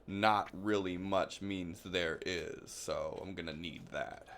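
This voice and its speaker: A man playing a domineering older warrior father in a tabletop game, speaking low and muttering with a curt, dismissive edge. His voice sits deep. Short demands come out half under his breath. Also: slow pace, a bit bright, slight background noise, heavily acted. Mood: demanding.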